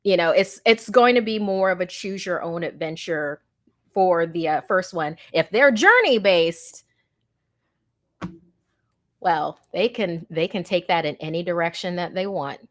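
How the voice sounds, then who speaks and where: A woman dungeon master from the USA, talking about her games in an animated, enthusiastic interview chat, often repeating words as she starts a thought. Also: fairly low pitch, unhurried.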